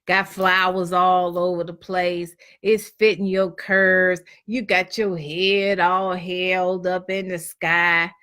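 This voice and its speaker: A woman's voice: on the low side, flat delivery, slow, hardly any pauses, a bit bright. A woman giving a blunt, preachy motivational talk to women, acting out the complaints she hears from people. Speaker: motivational speaker.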